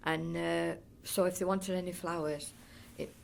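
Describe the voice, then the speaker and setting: In a low, steady and somewhat slow voice with a creaky edge, an older woman from North East Derbyshire, England, shares recollections as an oral history interviewee. Her chatty, meandering talk is full of restarts and fond digressions, over slight background noise.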